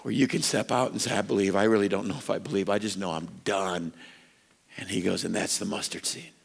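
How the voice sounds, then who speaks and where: A man preaching a sermon to a men's retreat, telling stories with lively acted-out voices. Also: low-pitched, fairly quick, creaky, husky. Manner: animated storytelling preacher, acts out voices. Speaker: pastor.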